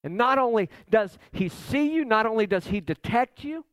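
A man's voice: high-pitched, expressive, normal speed, no echo. A man preaching a sermon as a pastor, conversational and emphatic, with asides to the listeners.

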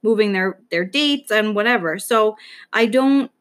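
A young woman from the New York area co-hosts a podcast, speaking at a medium pitch and an unhurried pace. In casual conversation she rambles anxiously and swears now and then.

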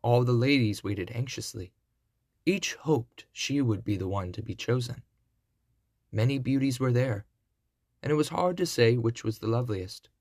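A man reading a classic fairy tale aloud, in a deliberate storybook narration. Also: medium pitch, darkish tone, dry recording, clean studio sound.

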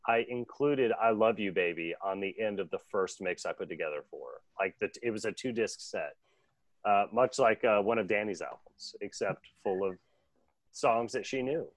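A man casually recapping a cartoon episode with a co-host, animated and laughing often. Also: on the low side, no echo. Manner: animated, laughing, doing quick voices. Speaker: podcast co-host.

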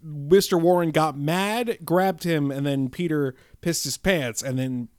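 A man's voice: on the high side, measured pace, a little mellow, clean tone, dry recording, studio quality. A man co-hosting a movie podcast, recapping plot points in a chatty, casual way. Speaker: podcast co-host.

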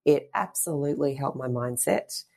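A woman with a strikingly low voice talks casually in an interview. She is middle-aged and tells stories in a rambling, chatty way, full of fillers and restarts. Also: normal speed, vocal fry, a little mellow. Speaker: guest, fitness instructor and presenter.

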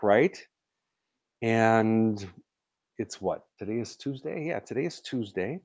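A man's voice: mid-range voice, a little mellow, no echo, muffled recording. A man hosting a live online interview show, upbeat and chatty, often restarting his sentences. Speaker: host. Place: in Chicago.

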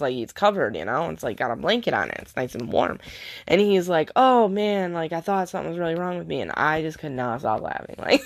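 A woman's voice: deep voice, vocal fry, no echo, studio quality. A young woman vlogging casually about parenting her stepson, chatty, laughing often and saying "like" a lot. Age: young adult. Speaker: vlogger and stepmom. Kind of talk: casual storytelling vlog.

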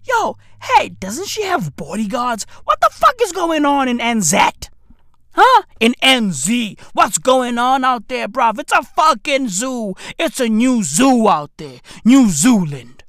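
Brief: woman comic ranter, swaggering slang, unhurried but punchy, dry booth sound. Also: high voice, big pitch swings, no echo. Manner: loud, swaggering, profane slang-heavy ranting. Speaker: comedic commentator. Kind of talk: comedic rant.

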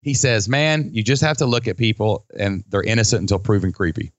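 A man hosting a podcast in casual chat, animated and folksy, acting out quoted people with big jumps in his voice. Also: fairly low pitch, brisk, few pauses, slight background noise. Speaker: podcast host.

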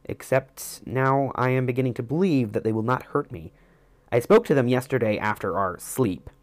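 A man reading a first-person story as an audiobook narrator, in a measured, reflective way. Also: mid-range voice, no echo.

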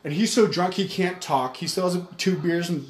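A man's voice: sits high, normal speed. A man co-hosting a podcast, telling a crude story in casual chat and joking as he goes. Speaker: podcast co-host. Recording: echoey room.

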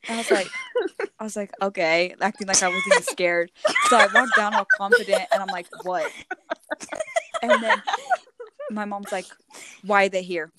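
A teenage girl telling a story in casual chat, animated and often laughing as she quotes others. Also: mid-range voice, moderate pace, long pauses, very noisy. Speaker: podcast co-host.

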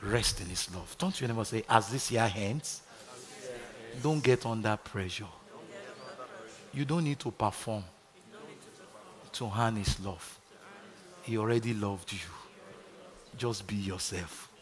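A man's voice: lowish voice, takes it slowly, pauses often, long reverb tail. A Nigerian man preaching a sermon, calling out to his congregation for responses. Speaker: pastor. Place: large church hall.

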